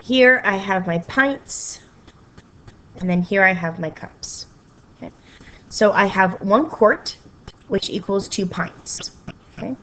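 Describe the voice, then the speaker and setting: A woman teacher talks her students through a recorded math lesson at an unhurried pace. She checks in with an okay at each step and explains patiently. Now and then she slips into a playful sing-song. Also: medium pitch, fairly bright tone, slight background noise. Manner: slow, patient explaining with frequent okays.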